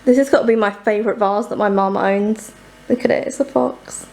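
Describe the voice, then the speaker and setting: A woman's voice: mid-range voice, steady tone, fairly quick, gravelly, a little mellow. A young woman from England chatting casually in a book vlog, rambling and laughing often. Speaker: book vlogger.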